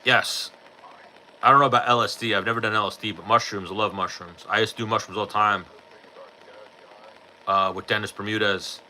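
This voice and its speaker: A man's voice: on the low side, fairly even intonation, a little fast, long pauses, pushed and bright, slight background noise, rough recording. A man, hosting a podcast and answering chat questions in a blunt, profane, offhand way. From New York. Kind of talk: casual chat.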